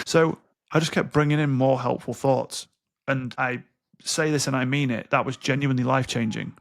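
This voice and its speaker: A man's voice: mid-range voice, steady tone, normal speed, creaky. A man in his thirties, a podcast guest speaking candidly and bluntly with frequent swearing. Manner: blunt and sweary, acts out quoted dialogue. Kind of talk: candid interview conversation.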